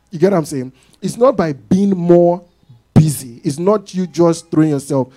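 A man preaching a sermon, his voice sitting a little high but warm and mellow in tone. His delivery is animated, and he often slips into acting out the lines of the people in his stories. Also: unhurried.

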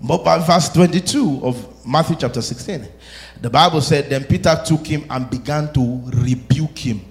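A man preaching a sermon, animated, rising to shouts and laughing between his points. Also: a little high, moderate pace, soft background music.

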